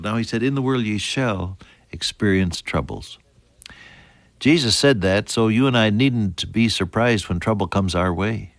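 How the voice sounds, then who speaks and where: A man preaching a sermon, earnest, building to emphatic high points and then falling soft and hushed. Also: measured pace, no echo.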